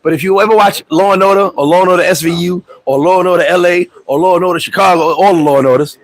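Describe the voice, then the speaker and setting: A man's voice: high-pitched, quick pace, rough recording. A man who lives abroad telling a story on his livestream, swearing often and acting out the other people in it. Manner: profane, animated storytelling. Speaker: vlogger. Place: Dominican Republic.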